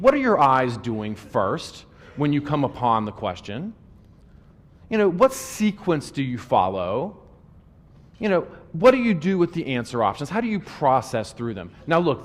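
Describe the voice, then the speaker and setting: Man, 40s, from West Virginia; animated test-prep lecturer, mid-range voice, long reverb on the room. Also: mid-range voice. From West Virginia, USA. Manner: animated storyteller, voices quotes. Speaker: test-taking coach. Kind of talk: lecture with anecdotes.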